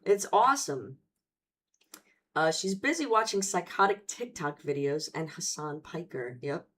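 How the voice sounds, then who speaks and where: A woman's voice: on the low side, animated, measured pace, fairly bright tone. A woman hosting casual commentary, talking in a blunt, profane and sarcastic way. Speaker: host.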